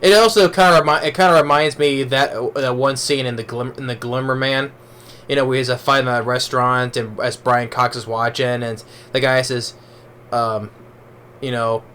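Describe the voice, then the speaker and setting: Male movie reviewer, mid-pitched, loose rambling delivery full of restarts, faint background noise. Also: fairly even intonation, moderate pace, a bit bright. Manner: rambling, with many restarts and fillers. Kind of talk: casual spoken movie review.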